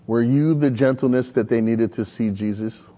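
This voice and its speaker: A male pastor from Maui preaching an animated sermon, telling stories and calling out to the congregation. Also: mid-range voice, moderate pace. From Maui, Hawaii. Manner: energetic, chatty, storytelling with call-and-response.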